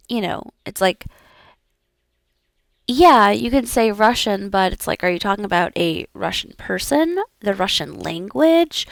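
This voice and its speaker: A woman's voice: mid-range voice, no echo, clean studio sound. A young woman learning languages, repeating practice words aloud and chatting casually with fillers.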